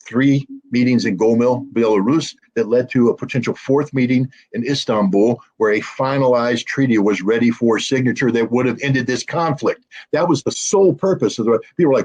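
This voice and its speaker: Male interview guest, husky, mid pitch, stop-start fillers turning forceful. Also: brisk. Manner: hesitant fillers, then animated and emphatic. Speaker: guest analyst. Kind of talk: interview commentary.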